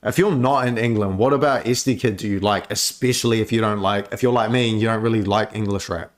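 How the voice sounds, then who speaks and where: A young man hosting a music reaction video, chatting casually in slang, swearing freely and breaking into excited exclamations. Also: on the low side, fast talker. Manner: slangy, profane, calls viewer bro.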